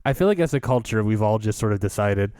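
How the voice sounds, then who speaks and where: A man co-hosting a podcast in casual chat, animated and rambling, laughing often as he talks. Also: on the low side, fast talker, smooth, no room sound. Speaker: podcast co-host.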